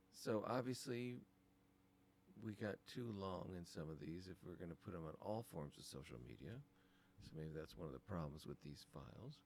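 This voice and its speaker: Low-voiced guy walking students thru design files, lots of ums, faint hum behind. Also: a little mellow. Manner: thinking aloud, many ums and trailing asides. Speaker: design instructor. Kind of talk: casual screen-capture walkthrough.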